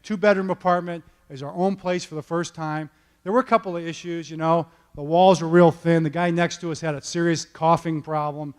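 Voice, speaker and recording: Brisk and smooth, a high-voiced football coach speaks from an event stage in a motivational keynote. His storytelling is lively, punctuated by "okay?" and "all right?" to check in with listeners.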